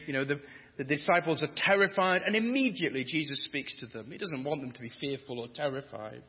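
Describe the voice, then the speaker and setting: Guy preaching a sermon, kinda high and bright, long echo, muffled lo-fi sound. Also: brisk. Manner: emphatic, rhythmic repetition. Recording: dull lo-fi sound with long hall reverb.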